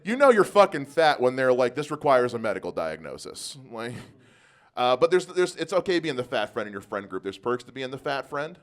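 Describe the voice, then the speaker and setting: Male stand-up comedian, self-deprecating, mid-pitched with a lively, swooping delivery. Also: fairly quick.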